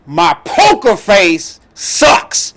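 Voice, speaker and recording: A middle-aged man telling a personal story as the host, animated and emphatic. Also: sits high, very slow, very noisy. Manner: animated, emphatic, with laughs and outbursts.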